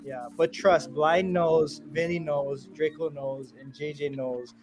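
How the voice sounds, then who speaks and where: A man's voice: on the high side, flat delivery, slow, background noise. A man hosting a casual gaming podcast, talking energetically and laughing often. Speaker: podcast host.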